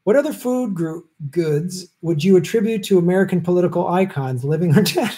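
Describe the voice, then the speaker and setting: A man's voice: high-pitched, expressive, fairly quick, dark tone. Guy on a livestream reading viewer questions, lots of ums, rambly and jokey. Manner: rambling, many ums, chuckles, jokey asides. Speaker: show host answering viewer questions. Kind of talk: casual livestream chat.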